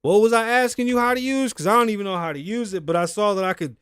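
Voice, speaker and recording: Middle-aged guy hosting a podcast, high voice, cussing and ranting, bit wheezy, dry sound. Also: fast talker, smooth, no echo. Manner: profane, animated, ranting. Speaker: podcast host. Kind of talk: casual commentary.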